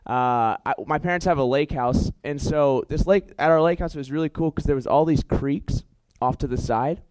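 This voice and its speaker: A young man giving a storytelling sermon in an animated, chatty way, full of fillers and self-corrections. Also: a little high, moderate pace, clean tone, no room sound, rough recording. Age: young adult. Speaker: youth preacher.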